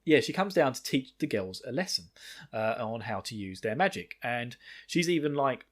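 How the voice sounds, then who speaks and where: A man's voice: mid-range voice, sing-song. A man hosting a podcast, recapping a book chapter in casual chat, rambling and laughing, with the odd swear. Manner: rambling, laughing, swearing, quick acted quotes. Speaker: podcast host.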